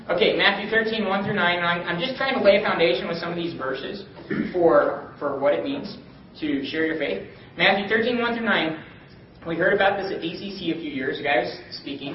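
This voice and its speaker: High-voiced man teaching a Bible group. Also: roomy sound, distant mic, lo-fi sound, slight background noise. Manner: animated, calls on listeners by name. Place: room with a small group.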